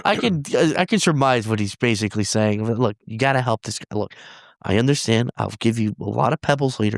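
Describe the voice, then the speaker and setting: A man's voice: on the low side, fairly quick, vocal fry, no echo, clean studio sound. A man playing a tabletop game, talking in a casual, chatty way. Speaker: player.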